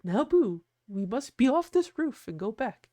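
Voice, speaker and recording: A person putting on a higher, pleading voice for a gentle, worried ragdoll woman in a casual video. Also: big pitch swings, measured pace, dry recording, studio quality.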